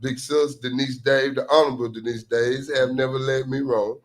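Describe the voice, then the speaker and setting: Animated man on radio. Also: mid-range voice, normal speed. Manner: animated storytelling, laughs often. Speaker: radio show host. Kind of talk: casual radio chat. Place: radio studio.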